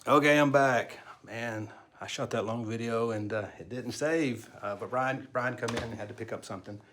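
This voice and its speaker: A man's voice: medium pitch, moderate pace, a bit bright. A middle-aged man who owns a construction company, talking earnestly and with feeling to his workers in a casual, unscripted way full of fillers and restarts. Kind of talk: casual talk to the crew, filmed by himself.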